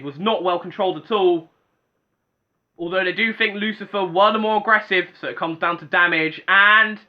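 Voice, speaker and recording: A man giving excitable play-by-play commentary on a robot combat tournament, rising to exclamations at big hits. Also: high-pitched. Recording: dull lo-fi audio with music behind.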